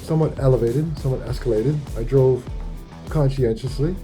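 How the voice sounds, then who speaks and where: A man's voice: medium pitch, a little fast, warm tone, faint music behind. A man telling a rambling, profane story in a casual vlog. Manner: profane, rambling, laid-back. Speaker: vlogger.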